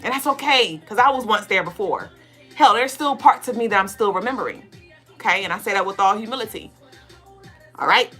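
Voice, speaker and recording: A woman co-hosting a podcast of casual spiritual talk. She speaks bluntly, swears freely and fires off rapid rhetorical questions. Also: mid-range voice, sharp tone, slightly rough, faint music behind. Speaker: podcast co-host.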